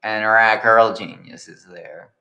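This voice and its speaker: A man's voice: fairly low pitch, takes it slowly, creaky, bright, forceful tone. A young man improvising the narration of a fan story, rambling with joking asides.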